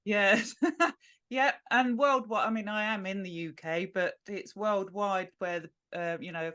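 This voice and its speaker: A woman's voice: mid-range voice, fairly even intonation, a little slow. A British woman from near London, a medium guest on a video call, chatting and telling stories, with frequent laughter. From England. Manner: warm storyteller, laughs often. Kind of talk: casual interview chat.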